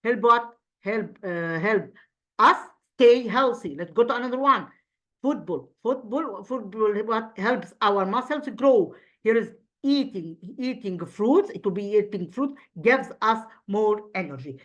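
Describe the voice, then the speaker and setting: Here the woman has a mid-range, expressive voice and keeps a measured pace. An English teacher with an Egyptian accent, she reviews for an exam in careful steps, asking questions she then answers, and restarts often.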